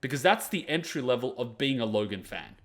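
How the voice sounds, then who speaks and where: A man's voice: medium pitch, animated, fairly quick, a bit bright. A man hosting an anime reaction video, giving blunt, profane, mocking commentary on the fight.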